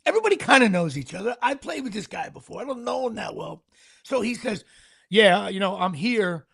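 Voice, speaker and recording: Man, middle-aged, host, husky voice, very lively pitch, storytelling. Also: fairly quick. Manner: animated, laughs mid-story, acts out quotes. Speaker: podcast host. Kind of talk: casual storytelling chat.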